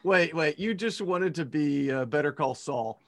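A male host with a slightly raised pitch, reacting quickly in a casual conversation. He jumps in with short, teasing follow-up questions. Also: creaky, fairly bright tone. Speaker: podcast host. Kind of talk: casual chat.

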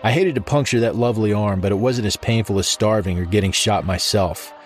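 A man's voice: fairly low pitch, a little fast, soft background music. A man reading a first-person story in a dry, wry manner. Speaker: narrator.

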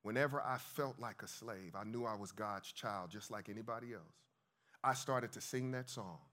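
A man in his fifties telling a dramatic story at a church event, swinging between hushed and loud. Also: fairly low pitch, normal speed. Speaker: speaker and singer at a church event. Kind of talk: storytelling talk with sung spiritual.

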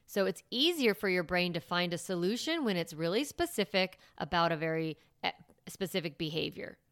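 This host's voice is fairly low, clear, resonant and a little bright, and she speaks fairly quickly and with animation. She chats through a casual parenting-advice monologue full of fillers and restarts, in a studio-quality recording with no room sound.

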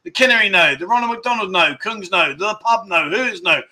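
High, sharp-voiced man hosting. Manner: excitable, runs through a rapid list of guesses. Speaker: livestream host. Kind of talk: casual livestream chat, reading out viewer comments. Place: his home in Pattaya, indoors.

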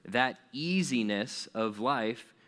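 A man's voice: medium pitch, animated, slow pace, a bit bright. A young man giving a casual, conversational sermon to teenagers as a youth pastor, acting out grumbling quotes with fillers and restarts. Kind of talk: sermon to teens.

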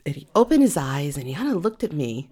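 A woman, a massage therapist, telling a story from work in a casual, animated way and acting out both sides of the exchange. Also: deep voice, fast talker, slightly rough.

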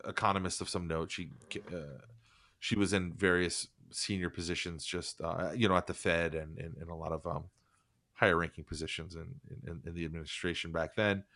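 A man's voice: low voice, level tone, brisk, pushed and bright, no echo, clean studio sound. A man hosting a casual podcast chat, rambling and sardonic, swearing freely as he reads from and mocks an article.

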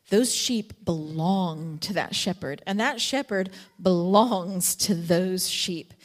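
A Bible teacher with a medium-pitched voice gives a teaching talk on a psalm. She tells stories animatedly, suddenly getting loud as she acts out quotes and sheep, and turns reflective, slowing and softening on key verses.

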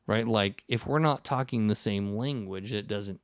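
Podcast host, male, lowish voice, rambling casual storyteller, dry close sound. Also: normal speed, hardly any pauses, dry recording. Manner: rambling, animated storytelling with many restarts. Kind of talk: casual conversation.

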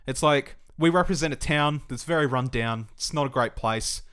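A man co-hosting a gaming podcast in loose, casual chat. His voice sits at an ordinary middle pitch. He talks with energy, swears freely and slips into mock voices to make his point. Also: moderate pace, fairly bright tone, clean tone. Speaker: podcast co-host.

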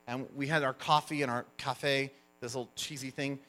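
A man preaching a sermon, telling stories with animated emphasis as the pastor. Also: medium pitch, moderate pace, soft background music. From United States. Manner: animated storyteller, lively emphasis.

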